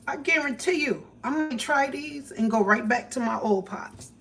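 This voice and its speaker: A woman's voice: sits high, normal speed, gravelly, few pauses. Joking profane woman livestreaming from a kitchen. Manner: loose, joking, profane, laughs often. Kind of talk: casual livestream chat while cooking. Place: home kitchen. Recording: distant phone mic with background noise.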